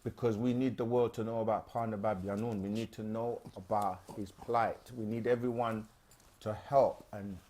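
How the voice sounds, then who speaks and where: A man hosting a live question-and-answer stream, explaining things in a loose, unhurried way with plenty of fillers. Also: on the low side, steady tone, dark tone. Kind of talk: casual explanatory talk.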